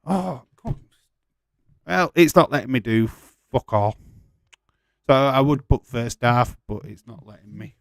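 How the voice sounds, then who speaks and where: A man's voice: mid-range voice, unhurried, dry recording. A man hosting a live watch-along stream, chatting casually, swearing freely and laughing while he reads viewer comments.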